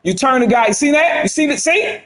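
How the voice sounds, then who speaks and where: High-voiced man doing streetwise game commentary. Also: brisk, reverberant, low-quality recording. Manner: animated, slangy, talks to chat. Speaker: gaming streamer. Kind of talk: casual gameplay commentary.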